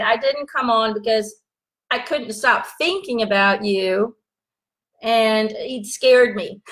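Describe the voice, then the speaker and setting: Bright-voiced woman telling a story. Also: fairly high pitch. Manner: animated, laughs often. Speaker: vlog host. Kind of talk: casual live chat storytelling.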